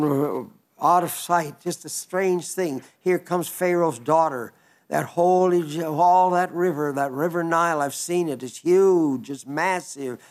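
A male pastor retelling a story in a sermon, earnest, with restarts and slow, emphatic stretches. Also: on the high side.

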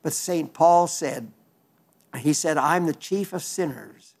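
A man's voice: on the high side, takes it slowly, a little mellow. An older man preaching an earnest, folksy sermon, pleading with his listeners, often restarting his words.

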